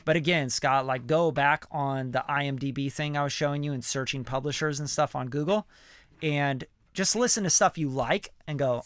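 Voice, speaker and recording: Bright, crisp-voiced man talking loosely. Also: medium pitch, normal speed, no echo, clean studio sound. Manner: loose and chatty, full of fillers and slang, swears casually. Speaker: music producer mentoring viewers. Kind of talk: casual livestream Q&A.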